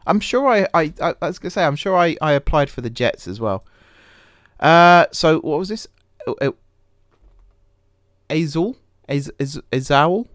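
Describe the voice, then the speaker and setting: A man's voice: on the high side, animated, normal speed, no room sound, clean studio sound. A man hosting a gaming channel, chatting casually over a management game, rambling and poking fun at himself with many fillers and restarts. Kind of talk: casual let's-play commentary.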